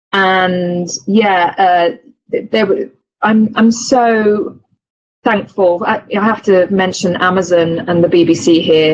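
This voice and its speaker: Gushing actress, dull lo-fi sound. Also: female voice, lowish voice, darkish tone. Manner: emotional, gushing, many restarts. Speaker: actress guest. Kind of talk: casual interview chat.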